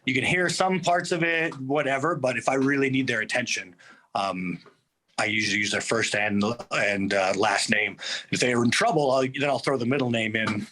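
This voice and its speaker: A man speaking as a guest in a casual interview. His voice is bright and forward, set at a middle pitch, and he keeps his delivery relaxed and reflective, often pausing on fillers. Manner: relaxed, thoughtful, with frequent fillers and restarts. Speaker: MMA coach, interview guest.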